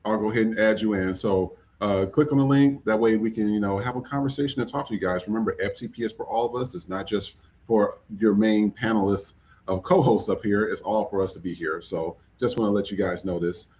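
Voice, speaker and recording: A man's voice: lowish voice, a little fast, darkish tone, slight background noise. A man hosting a live podcast stream, chatty and upbeat, with frequent fillers. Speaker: podcast host. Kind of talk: casual live-stream chat.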